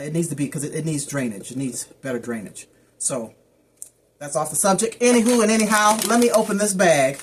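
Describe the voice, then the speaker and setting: With an extremely low-pitched voice and slight background noise, a woman gives a casual how-to chat about her house plants. The plant care vlogger keeps getting sidetracked and stumbles over plant names.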